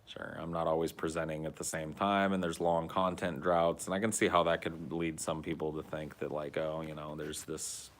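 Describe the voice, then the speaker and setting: Speaking at a normal speed with few pauses, a podcast host in his thirties uses an extremely low, level-toned voice. He has a Californian accent and a laid-back stoner drawl, swearing freely as he chats casually.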